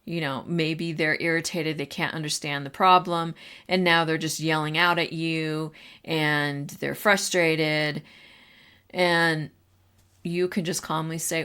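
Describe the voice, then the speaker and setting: A woman with a somewhat low voice speaks in a relaxed, conversational way. She hosts a podcast for teachers and addresses her listeners directly as she shares advice. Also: takes it slowly, clear, resonant tone. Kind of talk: casual advice talk.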